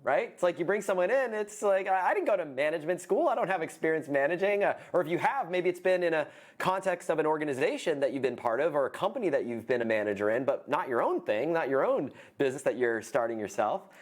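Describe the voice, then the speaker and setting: A man co-hosting a live online coaching workshop, talking in a relaxed way with lots of "uh" and "um". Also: on the high side, fast, few pauses. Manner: relaxed, many "uh" and "um" fillers. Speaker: co-host of a business coaching webinar.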